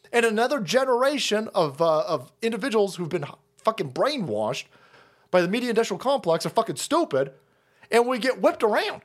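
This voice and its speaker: A man ranting on a livestream, crude and mocking, whose voice leaps up and down in pitch as he flips between grumbling low and shouting high. He curses constantly and keeps dabbing at a bleeding nose. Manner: profane, mocking, loud swings into shouting. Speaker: streamer host.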